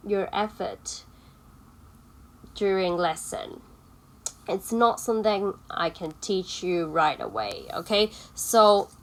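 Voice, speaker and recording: A woman with a Hong Kong English accent teaching an online speaking lesson to students, often checking in with "okay?". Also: mid-range voice. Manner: slow, encouraging, frequent "okay?" checks.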